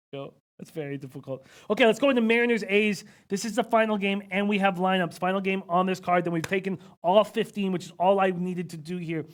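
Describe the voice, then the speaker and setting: A man hosting a live betting-picks stream, thinking aloud casually and reading out viewer comments with frequent hmms. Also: high voice. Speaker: sports betting analyst host.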